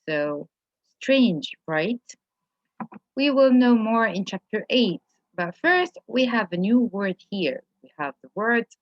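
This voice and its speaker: A woman's voice: medium pitch, dry recording. A woman teacher explains a story chapter to her students, checking in with little rhetorical questions. Her voice sits in a middle range. The recording is dry and a little dull. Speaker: English teacher.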